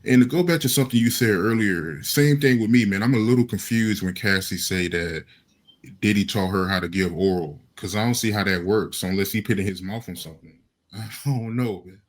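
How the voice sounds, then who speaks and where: A man with a fairly low voice who asks plainspoken questions in relaxed podcast talk. He keeps it simple and direct. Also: a little fast. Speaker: podcast co-host. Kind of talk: casual reaction talk.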